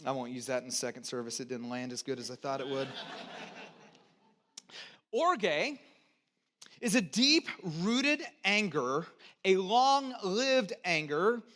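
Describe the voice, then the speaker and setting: A man preaching a sermon as pastor, talking conversationally to the congregation and swinging between loud emphasis and quiet, low asides. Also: big pitch swings, moderate pace. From United States (Texas, California). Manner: conversational, invites congregation to repeat words.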